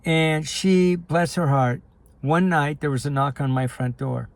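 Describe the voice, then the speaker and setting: A middle-aged man speaks candidly to the camera, his voice sitting a little high for a man. He tells a personal story with real emotion, slipping into quoted dialogue. The sound is close and dry, with no room echo. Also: fairly even intonation, unhurried. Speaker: life coach and filmmaker sharing his story. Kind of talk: personal video talk to camera.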